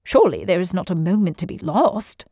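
A woman's voice: fairly low pitch, lively intonation, fairly quick, warm tone, dry recording, studio quality. A woman voicing Dr. Watson, an earnest Victorian man, in lines that exclaim with wide-eyed surprise. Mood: astonished.

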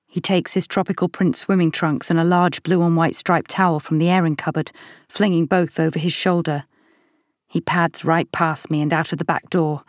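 A middle-aged woman narrating a first-person audiobook in a measured, weary manner. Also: deep voice, fairly even intonation, darkish tone, dry recording, clean studio sound.

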